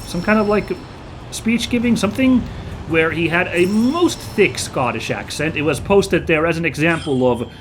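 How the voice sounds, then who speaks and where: A man hosting a let's play, chatting casually and reacting out loud to the action as he plays. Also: fairly high pitch, normal speed, slight background noise. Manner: chatty, excitable, reacts aloud to gameplay. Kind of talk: casual gameplay commentary.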